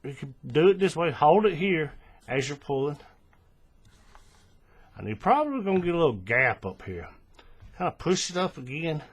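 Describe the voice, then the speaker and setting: A man hosting a hands-on crafting tutorial, explaining each step in a relaxed way, checking in with the viewer and correcting himself as he goes, recorded at a table on the camera's own mic. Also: fairly high pitch, moderate pace, pauses often, slightly rough. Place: indoors at a table, working close to the camera.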